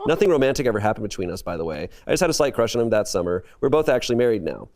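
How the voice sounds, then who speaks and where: A man's voice: fairly low pitch, big pitch swings, very fast, darkish tone. A man reading a story and comments aloud as a comedy podcast host, breaking off into laughter now and then. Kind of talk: reading posts aloud, casual podcast chat.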